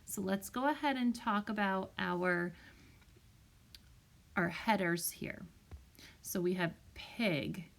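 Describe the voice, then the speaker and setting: A woman's voice: mid-range voice, creaky. A woman teacher giving a recorded spelling lesson to young children, patiently sounding out each word. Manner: slow, patient, sounds words out carefully. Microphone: tablet microphone.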